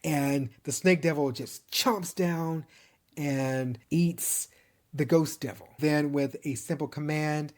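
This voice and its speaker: A man walks through an anime season in a relaxed, conversational recap. He tells it like a story and breaks into chuckles along the way. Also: on the high side, slow. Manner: animated storytelling, chuckles often, mimics characters' lines. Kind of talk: casual anime series recap.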